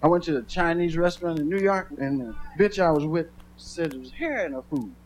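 An older man telling rambling, profane stories, laughing and swinging from mutters to shouts. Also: a little high, lively intonation, a little fast, slight background noise. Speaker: storyteller. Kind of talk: profane anecdotal storytelling. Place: outdoors.

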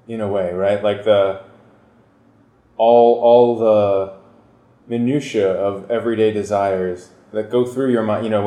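A man with a low, mellow voice talks through his thoughts in a reflective casual discussion. His phrasing is searching and careful, and the room around him is noticeably echoey.

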